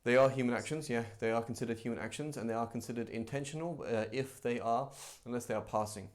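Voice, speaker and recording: A man's voice: medium pitch, fast. Conversational male religious teacher. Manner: conversational, animated, acts out examples. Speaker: Islamic teacher. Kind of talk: live class lecture.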